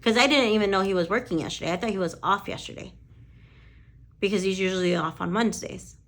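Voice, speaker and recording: Gravelly-voiced woman gossiping. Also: medium pitch, quick pace, fairly bright tone. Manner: chatty, quotes conversations with "I'm like", swears freely. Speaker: lash artist. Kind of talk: casual storytelling chat.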